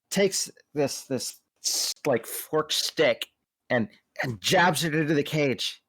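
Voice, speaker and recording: A man runs a tabletop game as game master. He reads room descriptions at a slow, easy pace with plenty of fillers. His voice has a middle pitch, and the sound is dry and close. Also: fairly bright tone, no room sound.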